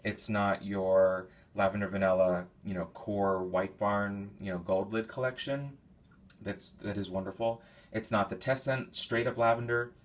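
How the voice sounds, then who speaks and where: Low-voiced man rambling through a review. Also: steady tone, unhurried. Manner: rambling, many fillers and restarts; detailed, thinks aloud while describing scents. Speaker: candle reviewer. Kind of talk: casual product review.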